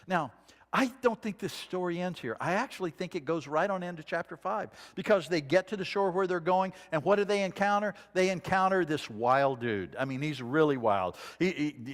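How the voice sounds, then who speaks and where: A man preaching a sermon, reading scripture dramatically and dropping to a hush for quoted lines. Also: on the high side. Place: church sanctuary. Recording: long reverb of a church sanctuary.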